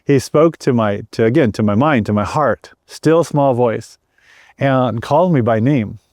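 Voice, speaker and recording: A middle-aged man tells a personal story as an interview guest, speaking earnestly at an ordinary pitch for a man. He often repeats words and restarts his sentences as he goes. The recording is dry and close, with no room echo. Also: unhurried, darkish tone. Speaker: guest sharing a personal testimony.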